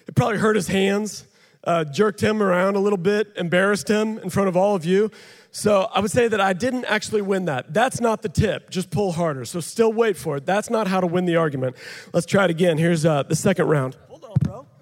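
A man preaching to an audience with a handheld mic, animated and joking, sometimes out of breath. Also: high-pitched, fairly quick. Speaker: pastor. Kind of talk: sermon with live demonstration. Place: large hall with an audience. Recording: long hall reverb.

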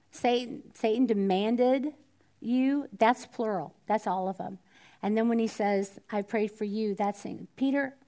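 A woman's voice: a little high, a little mellow. A woman teaching a Bible study in a conversational way, asking the group questions and sometimes dropping to a whisper. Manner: conversational, drops to a whisper at times, asks the room questions.

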